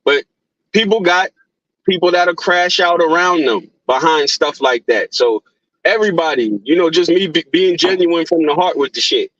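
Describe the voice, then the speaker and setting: A man on a call-in line, speaking earnestly and cursing freely, often repeating himself. His voice sits a little high, and the line sounds dull and dry with no room around it. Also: moderate pace, fairly bright tone, no echo.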